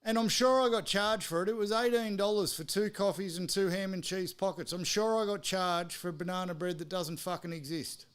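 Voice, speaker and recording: A man's voice: high voice, brisk, hardly any pauses, clear, resonant tone. Swearing Australian man ranting on a stream. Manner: swearing, exasperated storytelling. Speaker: live stream host. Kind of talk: casual ranting chat.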